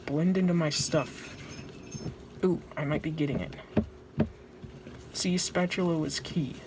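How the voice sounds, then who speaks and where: A woman's voice: sits low, steady tone, measured pace. A woman narrating her own craft project in a casual vlog, anxious, dramatic and joking at her own expense. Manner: anxious, dramatic, self-mocking. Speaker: vlogger. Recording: noisy home recording.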